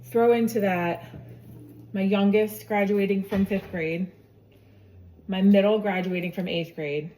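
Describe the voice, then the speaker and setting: A woman's voice: medium pitch, fairly even intonation, unhurried, pauses often, dark tone, a little hiss or hum. A woman in her forties, a mother, telling her own story in a casual, chatty way and often acting out what others said.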